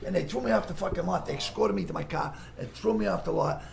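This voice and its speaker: A man with a Boston accent telling raunchy show-business stories in casual chat, acting out other people's lines loudly and with plenty of profanity. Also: sits high, quick pace, gravelly. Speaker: comedian guest telling stories. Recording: echoey room with faint ambience.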